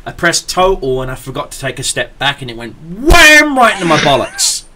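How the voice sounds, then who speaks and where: A man's voice: fairly high pitch, huge pitch swings, normal speed, a crowd in the background. A young man, hosting a podcast and telling a crude story in a loose, laughing way. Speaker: podcast host. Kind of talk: casual storytelling.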